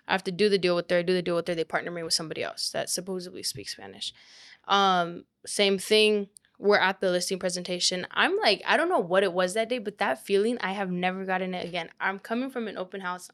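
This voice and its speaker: A young woman, a real estate agent, telling a story in casual chat, full of "like" and quoted speech. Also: mid-range voice. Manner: animated, quotes people often with "like".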